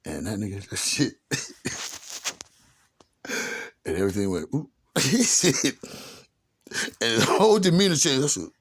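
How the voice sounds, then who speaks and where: A man's voice: mid-range voice, huge pitch swings, unhurried, pauses often, breathy edge. A man telling a personal story in a casual, slangy and profane way, acting out what other people said. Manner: streetwise, slangy and profane, acts out others' lines.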